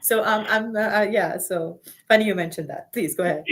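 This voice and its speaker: A woman host asking questions, affirming her guest and sharing a lively personal story. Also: mid-range voice, a little fast. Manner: engaged, affirming, tells lively personal anecdotes. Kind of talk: casual interview chat.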